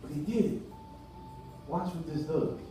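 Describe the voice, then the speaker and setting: A man's voice: a little high, unhurried, dark tone, slight background noise. A man preaching a sermon in a casual, colloquial way, acting out dialogue as he goes. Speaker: pastor. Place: church hall. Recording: echoey room from far off the mic.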